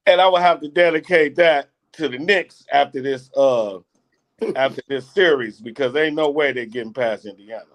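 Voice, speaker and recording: A man co-hosting a casual sports podcast, teasing the others and pausing often with filler sounds. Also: medium pitch, a bit bright. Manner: hesitant, many uh fillers, teasing. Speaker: podcast co-host. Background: kids playing in the room.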